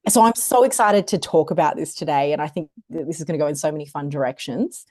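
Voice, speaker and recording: A woman's voice: low-pitched, fast talker, darkish tone, no echo, studio quality. A woman hosting a podcast interview, eager and encouraging as she brings in her guest. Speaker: podcast host. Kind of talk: interview chat.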